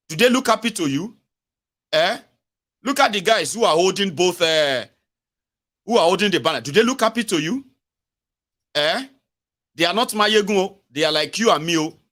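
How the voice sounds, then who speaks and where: A man's voice: sits high, fairly bright tone. A Nigerian man with a Pidgin English accent, giving sarcastic, exasperated political commentary. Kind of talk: ranting video commentary.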